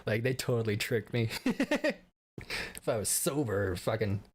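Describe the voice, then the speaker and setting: A man's voice: on the low side, sing-song, unhurried, slightly rough. A man around thirty giving a casual, rambling stream update, swearing often and laughing at his own stories.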